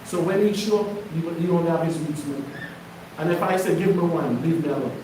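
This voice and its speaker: A man's voice: on the high side, fairly quick, noisy background. A man preaching to his congregation, emphatic and conversational, often putting questions to the listeners. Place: congregation hall. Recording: echoey room, mic far off.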